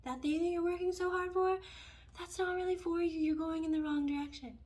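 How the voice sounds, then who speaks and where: A woman voicing the universe as a patient, gently coaxing figure, sweet and sing-song. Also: very high voice, level tone, fairly quick, voice pushed up. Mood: gentle coaxing.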